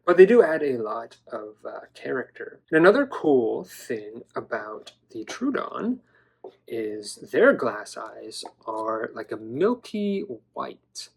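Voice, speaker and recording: A man talks through his dinosaur figures in a casual vlog. He is chatty and enthusiastic, and he stumbles playfully over his words now and then. His voice sits in a middle register, with a very lively, bouncing pitch. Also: creaky, breathy edge. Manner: enthusiastic, chatty, playful, with some stammering restarts. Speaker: toy collector reviewer. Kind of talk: casual toy review vlog.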